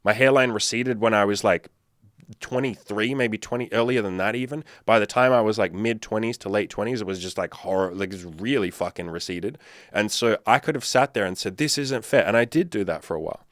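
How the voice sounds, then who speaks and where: A man's voice: fairly low pitch, brisk, a bit bright, no echo, studio quality. Blunt, swearing man coaching on dating. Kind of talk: casual commentary to camera.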